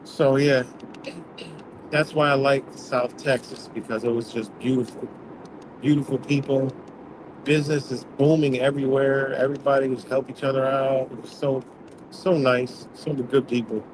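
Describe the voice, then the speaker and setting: A man's voice: medium pitch, little pitch movement, normal speed, background noise. A man hosting a livestream, talking bluntly in a rambling, profane, casual rant, apparently from inside a vehicle. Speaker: livestream host.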